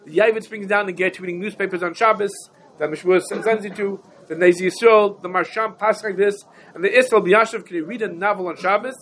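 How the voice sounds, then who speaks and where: A man's voice: sits high, fairly quick, fairly bright tone, low-quality recording. A man teaching a Talmudic shiur lecture, firing rhetorical questions and repeating points for emphasis, with faint background noise. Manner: rhetorical questions, emphatic repetition, Yiddish-Hebrew terms. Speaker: Torah teacher.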